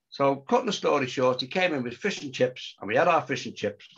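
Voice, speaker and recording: An older man recounts a story in a relaxed, chatty way, switching into the voices of the people he quotes. He talks at a middling pitch, and the recording sounds muffled and lo-fi. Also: brisk, hardly any pauses, husky. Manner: animated, acts out quotes, laughs often. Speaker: storyteller guest. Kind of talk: casual anecdote telling.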